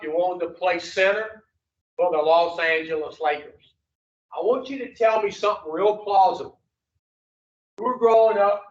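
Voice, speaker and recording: Man, high voice, blunt profane preaching, rhetorical questions, echoey room, distant mic. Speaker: recovery speaker. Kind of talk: preaching talk to a group. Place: meeting room at an addiction recovery center. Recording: roomy, distant, muffled room recording.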